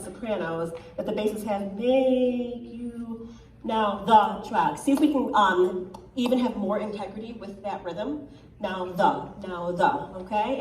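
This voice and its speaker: A woman coaching a choir as a guest clinician, upbeat and encouraging, giving quick directions. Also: mid-range voice. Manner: upbeat, encouraging, sometimes sings lines to demonstrate. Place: choir rehearsal room. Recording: echoey room from far off, faint ambience.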